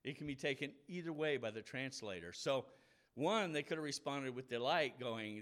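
A man's voice: medium pitch, expressive, brisk, a bit bright. Man giving a casual Bible teaching. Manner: casual, explanatory, acts out quoted voices. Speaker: preacher.

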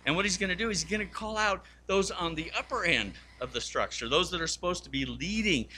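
A man's voice: high voice, animated, brisk, pushed and bright, a little hiss or hum. A man preaching a sermon, telling stories and acting out the voices of the people in them. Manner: storytelling, acts out quoted voices. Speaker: pastor.

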